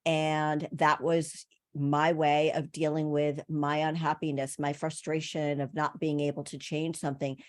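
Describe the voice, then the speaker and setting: A woman's voice: low-pitched, flat delivery, a little slow, hardly any pauses. A woman hosting a podcast, talking in a conversational way with frequent fillers as she asks questions and shares stories. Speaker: podcast host. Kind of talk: podcast interview.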